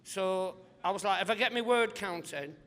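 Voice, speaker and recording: Guy comedian rambling thru a story, does the voices, sharp bright voice, hall echo. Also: sits high, moderate pace. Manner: rambling animated anecdotes, acting out voices. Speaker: comedian guest. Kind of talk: live podcast interview.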